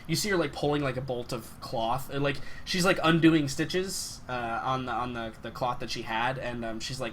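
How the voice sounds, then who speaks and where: Brief: male game master narrating scenes, halting and filler-laden, noise behind. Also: mid-range voice. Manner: hesitant, filler-heavy narration. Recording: noisy room ambience.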